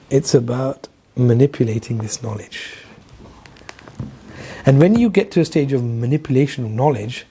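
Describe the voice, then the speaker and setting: A man's voice: a little high, dark tone, slightly rough. A middle-aged man with a London accent, teaching a Quran lesson to a class in a conversational way, putting questions to the audience and telling stories along the way. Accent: London English. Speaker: Islamic teacher.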